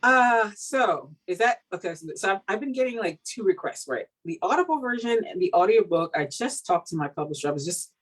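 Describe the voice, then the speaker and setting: A woman author from Cameroon chats freely in an interview. Her pitch swings up into lively peaks as she laughs between thoughts, and she leans on fillers as she goes. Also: fairly quick, hardly any pauses, rough recording. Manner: animated, laughing, full of fillers like "you know". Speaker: author guest. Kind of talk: casual interview talk.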